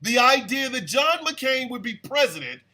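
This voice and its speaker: A man's voice: very high-pitched, big pitch swings, normal speed, bright, forceful tone. A man hosting a stream radio show, delivering a heated, profane and sarcastic political rant.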